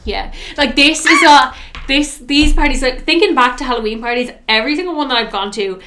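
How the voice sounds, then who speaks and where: Young girl, kinda high voice, casual chat, keeps chiming in. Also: brisk, background noise. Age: young adult. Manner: reacts a lot, laughs along and chimes in. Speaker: podcast co-host.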